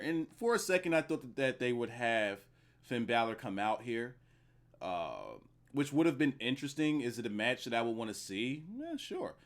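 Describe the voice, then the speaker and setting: A man giving a casual, profane, rambling solo review of a wrestling show at his computer. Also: mid-range voice.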